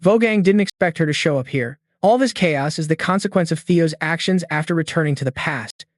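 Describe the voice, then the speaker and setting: A man narrating a story recap in a steady, scripted storytelling manner. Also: on the high side, brisk, no room sound, studio quality.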